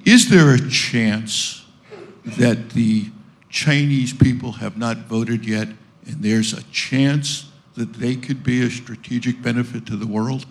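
Gravelly-voiced New Yorker from the audience, wry and rambling. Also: male voice, medium pitch, steady tone, slow pace. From Brooklyn, New York. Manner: informal, wry, rambling question. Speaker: audience member asking a question.

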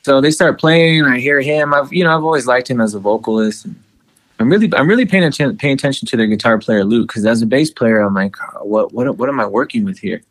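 A man's voice: mid-range voice, brisk, no room sound. A man, a musician, telling a story in casual chat, swearing freely and acting out dialogue. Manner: profane, animated, acts out dialogue. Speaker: podcast co-host and musician.

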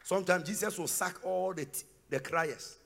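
Fervent Ghanaian preacher man, high-pitched. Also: moderate pace, creaky. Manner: fervent preaching, bursts into shouts and sing-song cadences. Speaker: pastor. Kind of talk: sermon. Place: church.

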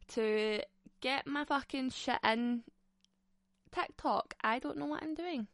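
A woman's voice: sits high, lively intonation, measured pace, no room sound, clean studio sound. A woman in her twenties hosting a podcast, chatting frankly and swearing, with frequent laughs. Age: 20s. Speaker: podcast host. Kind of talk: casual solo podcast chat.

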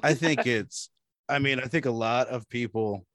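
Animated casual young man, dry sound. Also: mid-range voice, moderate pace, dry recording. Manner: animated storyteller, says "bro" and "dude". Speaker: podcast host. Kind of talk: casual chat.

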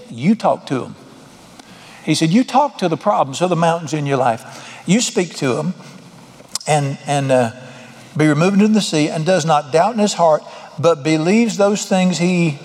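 A man's voice: on the high side, a little mellow, big-room sound. A man preaching a sermon to his congregation, in a folksy, conversational way that keeps coming back to "all right". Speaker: pastor.

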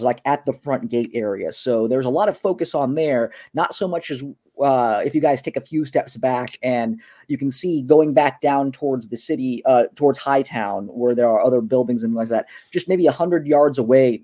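Mellow-voiced man running a tabletop game. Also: mid-range voice, normal speed, few pauses. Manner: casual, descriptive with many fillers. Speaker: game master.

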